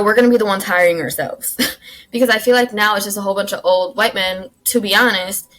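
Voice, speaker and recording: A young adult woman hosting her own podcast in casual solo chat, blunt and profane, ranting dramatically and dropping into quiet muttered asides. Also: medium pitch, poor audio. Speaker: podcast host.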